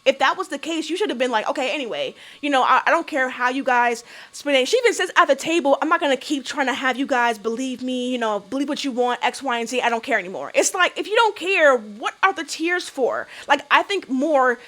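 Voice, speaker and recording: A woman's voice: sits high, expressive, brisk, few pauses, fairly bright tone. A young woman giving a blunt, sassy recap of a reality show, swearing freely and firing off rhetorical questions. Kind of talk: casual opinionated recap.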